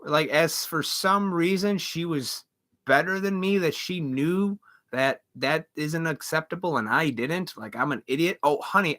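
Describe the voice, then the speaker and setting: A man's voice: on the high side, bright, forceful tone. A man hosting a live stream, delivering an angry, profane rant full of mocking asides. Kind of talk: angry ranting monologue.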